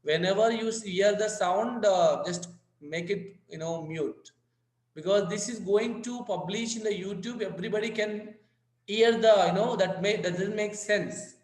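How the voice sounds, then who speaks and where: A physics lecturer with a high voice speaks unhurriedly in an Indian English accent; he's a native Telugu speaker. He teaches an online class over video call, repeating points and checking in directly with students, in a roomy, low-quality recording.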